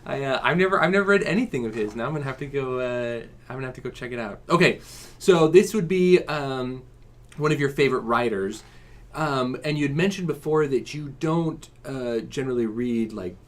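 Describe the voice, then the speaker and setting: A man interviewing a guest in a casual, chatty way, easygoing and quick to laugh. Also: medium pitch.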